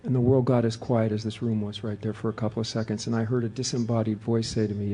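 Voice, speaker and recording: A middle-aged man speaking at a recovery meeting, telling his story with animated delivery and acting out the voices of the people in it. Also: lowish voice, quick pace, hardly any pauses. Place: hotel meeting room before an audience.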